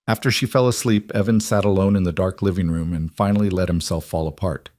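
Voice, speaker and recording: Male narrator, lowish dry voice, steady scripted storytelling. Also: brisk, few pauses, dry recording.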